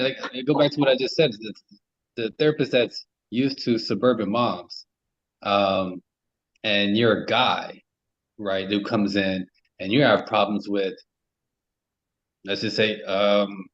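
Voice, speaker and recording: A man's voice: on the low side, a bit bright, muffled recording. A man on a men's talk show panel, talking casually and working through his point with frequent repeated words and restarts. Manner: halting, repeats words while building a point. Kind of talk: casual discussion.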